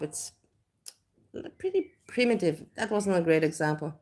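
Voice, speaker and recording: A woman's voice: fairly low pitch, lively intonation, a little slow, a little mellow. A woman chatting on a livestream, rambling with many restarts and filler words. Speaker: livestream host. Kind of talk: casual livestream chat.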